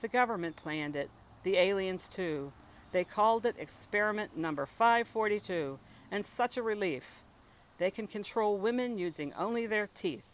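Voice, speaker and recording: A woman's voice: medium pitch, lively intonation, normal speed, slight background noise, rough recording. Woman reading rhythmic spoken-word poetry. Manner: rhythmic, rhyming delivery. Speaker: poet.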